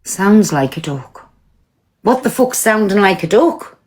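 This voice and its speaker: A very animated woman with a mid-range, darkish-toned voice hosts a live stream from her home, speaking without hurry. She's blunt, curses freely, and answers her viewers head-on.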